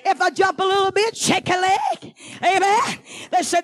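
A middle-aged woman preaches at full cry, her very high voice ringing out in shouts. She punches phrases in a chanting rhythm and fires quick asides at the pews. The sound is close and dry, with almost no room echo. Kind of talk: fiery Pentecostal sermon. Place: church sanctuary.

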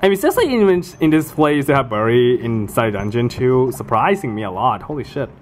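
A man's voice: mid-range voice, very animated, a little fast, slight background noise. A man giving casual commentary while he plays a video game, often exasperated, swearing and exclaiming at the game. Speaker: let's play gamer.

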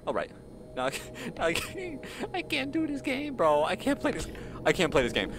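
A man's voice: high-pitched, wildly swooping pitch, normal speed, noisy background. A man doing horror game commentary, jumpy and panicky, pleading with and talking back to the monster chasing him. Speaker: gaming channel host. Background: game music.

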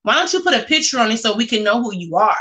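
Sassy woman vlogger, high bright voice, chatty live-stream delivery. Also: very animated. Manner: sassy, chatty, reacts aloud to comments with drawn-out exclamations. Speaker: vlogger reading live chat. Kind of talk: casual live-stream chat.

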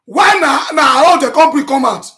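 Man, Nigerian Pidgin accent, impassioned self-defense monologue, shouting, high-pitched. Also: lively intonation, normal speed. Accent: Nigerian Pidgin English. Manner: shouting, passionate, repetitive, switches into chanted vernacular. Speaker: self-styled prophet addressing his online audience. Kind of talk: impassioned monologue to camera, rebutting accusations.

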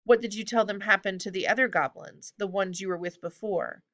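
A bossy teenage girl who questions people sharply and with suspicion, in a bright, clear tone, as a woman reading a storybook puts her on. Her voice sits a bit higher than the narration. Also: fairly quick, lightly acted. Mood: suspicious. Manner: sharp, interrogating.

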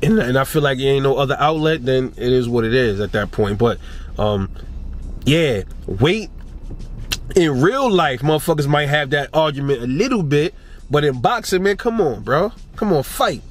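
A young man ranting and telling a casual story about fighting, swearing a lot and rising in pitch when he gets riled up. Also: expressive, moderate pace. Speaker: boxing commentator.

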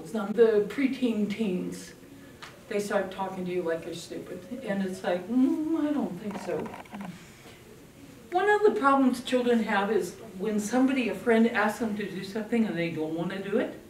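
An older woman speaks to an audience about raising children, telling animated stories and playing out what her kids said. Her voice reaches the mic from a distance in a roomy, echoing space, with faint noise under it. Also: medium pitch, normal speed. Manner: lively storytelling, acting out quoted family voices. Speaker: parenting speaker. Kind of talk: talk to an audience.

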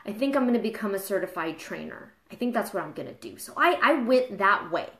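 Woman, 30s, mom and fitness trainer, candid and confessional, casual live video talk, mid-pitched, echoey room. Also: sing-song, brisk, fairly bright tone. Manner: candid, confessional, gets emotional.

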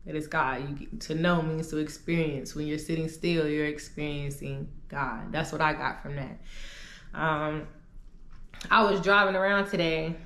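A young adult woman vlogging a candid devotional testimony, sighing and laughing softly as she talks. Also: on the low side, reverberant. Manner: candid, conversational, with sighs and soft laughs. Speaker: YouTuber sharing testimony. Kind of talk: casual devotional vlog talk.

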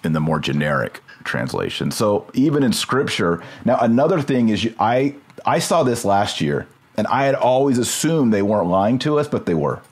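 A man's voice: fairly low pitch, big pitch swings, moderate pace, few pauses, breathy edge. A man hosting a podcast, talking through a subject casually and checking terms as he goes. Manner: thinks aloud, checks terms mid-sentence. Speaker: podcast host. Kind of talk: casual discussion.

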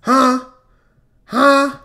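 A man reacting to music on his channel, excitable and emotional, shouting and exclaiming and talking straight to his viewers. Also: very high voice, extremely slow. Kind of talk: casual reaction commentary.

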